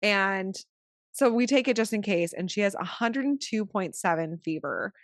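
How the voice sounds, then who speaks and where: A woman co-hosting a podcast, a new mother telling a story in a casual, chatty way, full of "like" and swinging between hushed and excited. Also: medium pitch, normal speed, no room sound, clean studio sound. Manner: chatty, fills speech with "like"; animated, shifting from hushed to excited. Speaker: podcast co-host.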